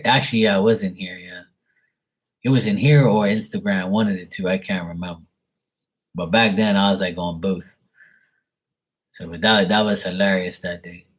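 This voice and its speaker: A man talks loosely and casually to his livestream viewers, rambling from one story to the next and swearing freely. His voice sits low and carries a husky grain, and he often stumbles over and repeats his words. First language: Portuguese spoken at home. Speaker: live tarot reader.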